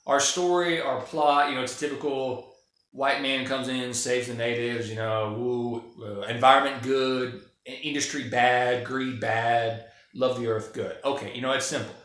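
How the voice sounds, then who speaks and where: A man's voice: medium pitch, fairly even intonation, normal speed, fairly bright tone. A man giving an opinionated, rambling, profane casual monologue about films. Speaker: film commentator. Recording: very echoey room.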